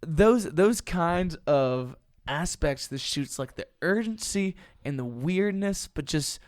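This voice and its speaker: A man hosts a casual podcast, spinning stories and acting out what everyone said, laughing as he goes. His voice sits a little high. The recording is dry and close to the mic. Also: slow pace, no room sound. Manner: animated storyteller, acts out quotes, laughs often. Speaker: podcast host, musician. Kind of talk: casual storytelling chat.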